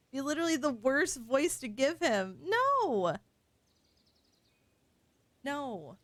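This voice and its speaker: A woman's voice: high voice, lively intonation, unhurried, no room sound. A woman game streamer chatting casually while she plays, playful and teasing, laughing at herself. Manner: playful, teasing, self-deprecating. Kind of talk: casual live-stream chat.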